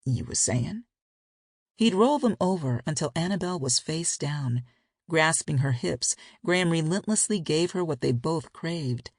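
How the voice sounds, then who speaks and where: A woman narrates a romance audiobook in a steady, intimate way. Her voice has a gravelly fry and a breathy, husky grain. The recording is close and dry. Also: low-pitched, normal speed, no echo.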